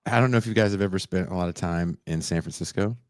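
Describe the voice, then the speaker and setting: A man's voice: deep voice, quick pace, smooth, no room sound, clean studio sound. A man co-hosting a podcast, bantering, swearing and reading out viewer comments. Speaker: podcast co-host. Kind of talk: casual podcast chat reading super chats.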